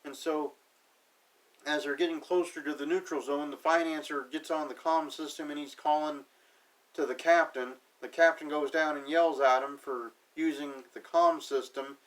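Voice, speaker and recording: A man's voice: fairly high pitch, steady tone, normal speed, far from the mic, low-quality recording. A man casually recapping a TV episode in a sarcastic, offhand way, paraphrasing the characters as he goes. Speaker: TV episode reviewer.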